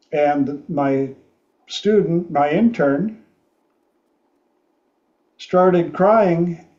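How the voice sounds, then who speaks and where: A man's voice: fairly high pitch, warm tone, highs cut off. A man hosting a podcast, telling a story in a frank, rambling way with frequent restarts. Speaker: podcast host. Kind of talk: storytelling chat.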